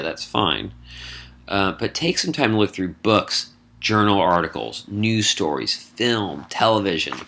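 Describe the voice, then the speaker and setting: A middle-aged college English instructor, low-voiced with a bright and forceful tone, walks students through an essay assignment in a recorded lecture. He lists points briskly in a casual way, with wry asides along the way.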